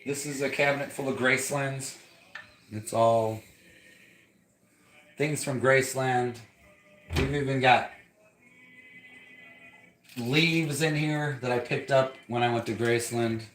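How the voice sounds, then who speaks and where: Casual, jokey male co-host; echoey home room, soft music underneath. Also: mid-range voice, steady tone, takes it slowly, long pauses. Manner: playful, jokey. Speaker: co-host showing a collection. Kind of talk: casual livestream chat. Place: house at night.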